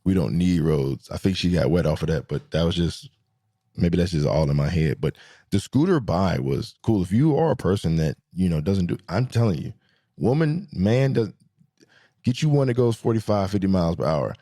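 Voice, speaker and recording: A young adult man telling stories in a casual vlog, joking and profane, jumping between high squeals and low mutters. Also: normal speed. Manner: animated, swings from high squeals to low mutters for comic effect. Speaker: vlogger. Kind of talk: casual storytelling monologue.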